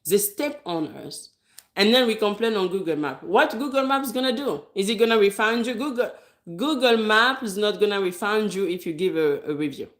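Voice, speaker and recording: A woman business owner speaks straight to her viewers in a casual advice monologue, her voice sitting at an ordinary middle pitch. She is blunt and emphatic, driving each point home by repeating it, with small laughs between thoughts. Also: expressive, a little fast, a bit bright. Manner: direct and emphatic, repeats key phrases. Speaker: hair braider.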